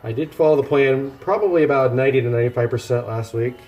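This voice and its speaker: A fast-talking man with a mid-range voice, the highs cut off and faint music behind, streams himself doing meal prep in his home kitchen. He chats casually with viewers while working and jokes at his own expense.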